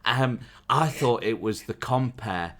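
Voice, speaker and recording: A man's voice: medium pitch, animated, slow pace, a bit bright. A man, a podcast co-host and comedian, telling an anecdote with lots of laughter in casual chat.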